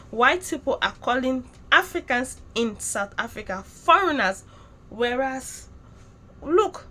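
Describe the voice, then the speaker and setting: Nigerian woman, indignant reaction commentator, higher voice, faint noise behind. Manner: indignant, emphatic, rising to loud outbursts.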